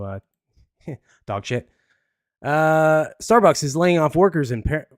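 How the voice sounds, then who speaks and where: A man hosts a live podcast, rambling through the news in a loose, profane way and laughing often. His voice sits at an ordinary middle pitch. The sound is dry and close. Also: no room sound. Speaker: podcast host.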